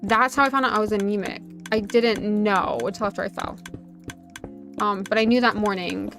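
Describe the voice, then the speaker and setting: A woman's voice: medium pitch, steady tone, normal speed, a bit bright. Chatty woman streamer telling a story. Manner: chatty storytelling, full of "like" fillers. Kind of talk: casual chat while streaming a game. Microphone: desk USB microphone. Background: faint background music.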